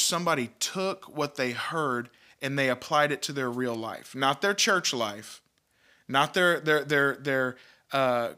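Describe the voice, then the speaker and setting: Emphatic bright-voiced man. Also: medium pitch. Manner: earnest, emphatic, repeats words and restarts. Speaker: podcast host, Christian teacher. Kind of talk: devotional podcast talk.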